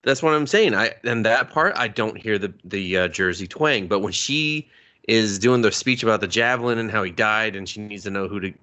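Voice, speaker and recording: A man co-hosting a podcast, recapping a film in casual, profane chat and jumping up high in pitch for jokes. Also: moderate pace, pushed and bright. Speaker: podcast co-host. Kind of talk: casual movie review chat.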